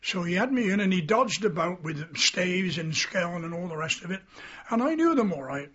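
Older man with a husky voice, reminiscing. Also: high voice, sing-song, normal speed, a bit bright. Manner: rambling storyteller, acts out quoted voices, chuckles. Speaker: interviewee recalling his army boyhood. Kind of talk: oral history reminiscence. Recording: dull lo-fi recording.

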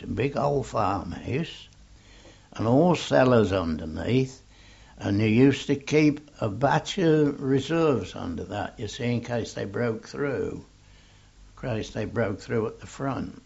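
This is an older English man telling an oral history in a rambling, matter-of-fact way. His voice is gravelly and husky, and he takes his time. The recording sounds dull and lo-fi, like old tape. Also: fairly low pitch, animated, slow, a little mellow. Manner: rambling, anecdotal, plainspoken. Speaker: old soldier recalling the war.

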